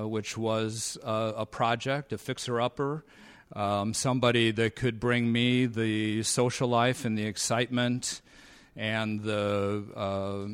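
A man in his fifties sharing his recovery story at a convention, halting with many fillers and a dry, sarcastic humor. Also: mid-range voice, clear, resonant tone, dry recording. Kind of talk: personal talk at a convention. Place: convention meeting room.

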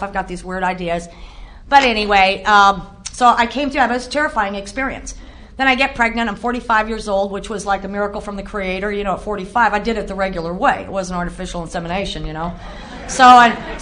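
A woman's voice: mid-range voice, pushed and bright. A middle-aged woman giving a candid, self-mocking personal testimony at a recovery meeting, often laughing at herself.

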